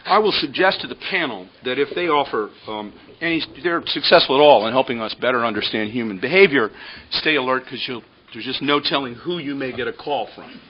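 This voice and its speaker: A man's voice: mid-range voice, fairly quick. Man moderating a panel, dull lo-fi audio. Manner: relaxed, with frequent ums and restarts. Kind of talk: casual joke-telling and panel introduction. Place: conference room with an audience. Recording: dull lo-fi audio with faint hiss.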